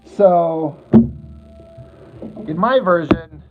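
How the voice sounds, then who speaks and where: A man's voice: on the high side, drawn-out words, loud music behind the voice. A man chatting casually with his livestream viewers while sketching, rambling and poking fun at himself, chuckling at his own jokes. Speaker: livestreaming artist answering chat. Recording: tinny phone-like audio with faint noise.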